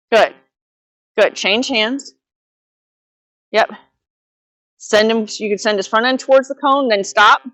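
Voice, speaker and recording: A woman with a fairly high voice coaches a student through groundwork with a horse. She gives steady, patient directions and quick bursts of praise. The sound is dry and close, with little room echo. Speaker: horsemanship instructor.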